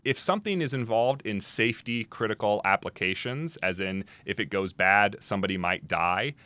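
A man with a lowish voice that swings widely up and down, speaking as an interview guest with emphatic, animated delivery. The sound is dry and close, with little room around it. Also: normal speed, no echo. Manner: animated, emphatic, with frequent restarts and asides. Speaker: guest expert. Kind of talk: podcast interview answers.

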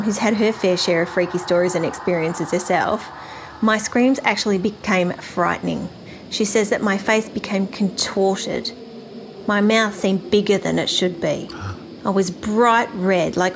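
A woman's voice: medium pitch, noisy background. A woman in her forties with an Australian accent, telling a strange personal story from her childhood. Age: 40s. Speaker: listener sending in a story.

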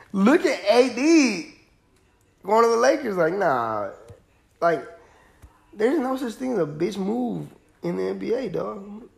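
Slow, gravelly young man talking sports. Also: high-pitched. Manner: laid-back, rambling, lots of fillers and repeats. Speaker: podcast host. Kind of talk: casual sports talk.

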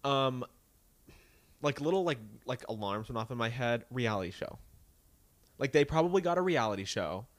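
A man's voice: medium pitch, lively intonation, moderate pace, long pauses, no room sound. A young man co-hosting a podcast, chatting animatedly about celebrity gossip and mimicking people in put-on voices. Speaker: podcast co-host. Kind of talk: casual gossip chat.

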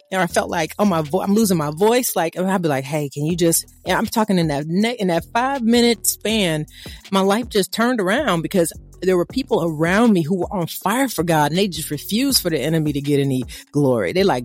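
A woman, co-hosting a casual faith talk and preaching in an animated, conversational way. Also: lowish voice, a little fast, faint music behind. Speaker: podcast co-host.

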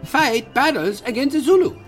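A man putting on a mock South African accent to play the hurried ghost of an old film director, halting and full of restarts. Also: very high voice, animated, faint music behind, pitched above the performer's own voice. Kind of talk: comedy podcast impression.

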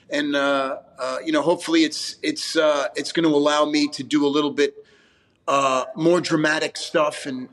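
A man's voice: fairly high pitch, fairly bright tone. A man, an actor guest talking casually in an interview, rambling with restarts and frequent swearing. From New York, USA.

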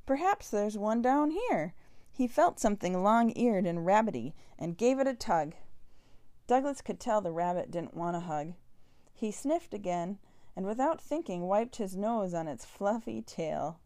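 A woman reading a children's picture book aloud, slow and expressive. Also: mid-range voice. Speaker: storyteller.

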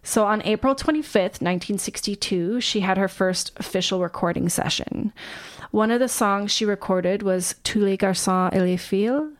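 A woman, co-hosting a podcast and retelling a life story in a relaxed, casual way with fillers. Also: medium pitch, moderate pace. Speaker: podcast co-host.

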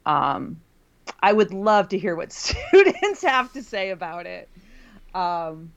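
A woman's voice: fairly low pitch, very animated, slow pace, gravelly, lo-fi sound. A woman who teaches college writing, co-hosting a casual talk and laughing often between fillers. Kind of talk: casual conversation.

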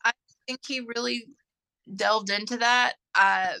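A woman answering interview questions about her missing brother, hesitant and halting with many fillers. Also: a little high, fairly even intonation, creaky, bright, forceful tone, rough recording. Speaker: interviewee, sibling of a missing man. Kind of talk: recorded interview.

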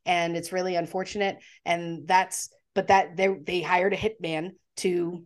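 Lower-voiced woman recapping a film. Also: measured pace. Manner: animated storytelling with acted-out quotes. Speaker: podcast co-host. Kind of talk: casual film recap chat.

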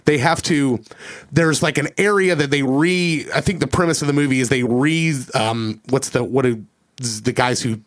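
A man's voice: mid-range voice, normal speed. A man co-hosting a podcast, chatting casually, laughing often and swearing as he retells movie scenes. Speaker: podcast co-host. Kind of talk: casual chat.

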